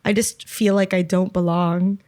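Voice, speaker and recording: Animated young woman telling stories. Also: fairly low pitch, unhurried. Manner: animated storyteller, laughs through her telling. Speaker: podcast co-host. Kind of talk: casual chat.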